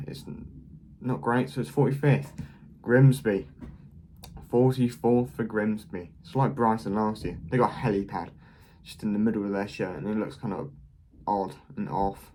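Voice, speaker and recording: A young man hosting a casual vlog, tossing out quick, blunt verdicts with a dry, jokey edge. His voice sits a little low for a man. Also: darkish tone. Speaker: football kit reviewer, channel host. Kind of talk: casual vlog ranking commentary.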